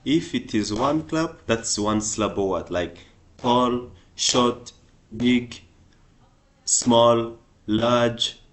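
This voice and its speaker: A man teaching a beginner English grammar lesson, going step by step and repeating each example word with extra stress. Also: slight background noise. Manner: slow and deliberate, repeating example words; stresses example words louder and higher.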